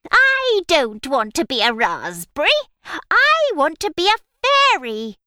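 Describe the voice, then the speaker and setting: A woman's voice: extremely high pitch, huge pitch swings, slow pace, sharp tone, dry recording, studio quality, voice pushed up, full character voice. A woman voicing a grumpy female witch who longs to be a fairy, in a whiny, pleading manner, for a children's storybook reading.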